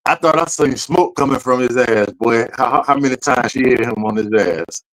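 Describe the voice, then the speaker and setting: A man co-hosting a podcast, telling a childhood story in a lively, slangy, profane way. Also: medium pitch, moderate pace, low-quality recording. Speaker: podcast co-host. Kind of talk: casual storytelling chat.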